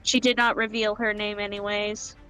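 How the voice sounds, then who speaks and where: A woman playing in a tabletop game over a call, slowly and evenly recapping the last session. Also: mid-range voice, flat delivery, a bit bright, clean tone, faint music behind, low-quality recording. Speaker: player. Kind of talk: casual game chat.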